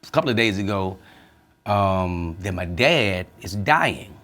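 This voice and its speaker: Male podcast co-host, a lowish voice, AAVE, sober and quiet. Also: animated, measured pace. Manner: quiet and serious when sharing personal news. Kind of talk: podcast chat.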